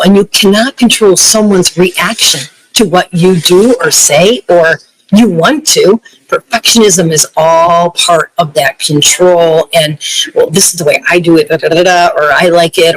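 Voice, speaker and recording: A middle-aged woman, a broadcast journalist, chatting as a guest and telling lively stories, laughing often and acting out the voices she quotes. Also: on the low side, low-quality recording. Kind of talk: casual interview chat, storytelling.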